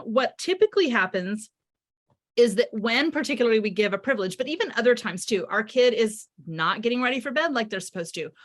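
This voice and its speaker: Fields: Sex: woman. Pitch: fairly high. Role: parenting expert guest. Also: fairly bright tone. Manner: explains with examples, acting out parents' lines. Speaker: parenting author and psychotherapist guest. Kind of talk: conversational podcast interview.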